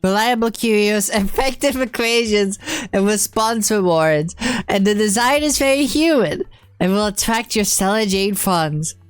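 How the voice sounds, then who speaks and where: A woman's voice: mid-range voice, clear, resonant tone, no echo, lightly acted. A woman reading the lines of an arrogant, smug genius woman in a haughty, matter-of-fact way.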